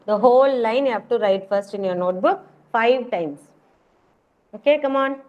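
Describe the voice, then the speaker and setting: A woman's voice: a little high, normal speed. A woman with an Indian English accent, a preschool teacher running an online class and encouraging the children with repeated call-outs. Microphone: video call. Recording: muffled online call audio.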